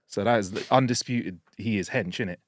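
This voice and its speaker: A man's voice: fairly low pitch, brisk. Teasing man, podcast co-host. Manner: teasing, relaxed, uses slang. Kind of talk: casual comedy podcast chat.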